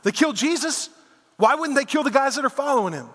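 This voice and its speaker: High-voiced male pastor in echoing hall. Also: expressive, fast, fairly bright tone. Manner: conversational storytelling, casual asides like "man" and "dude". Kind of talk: sermon. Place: church auditorium.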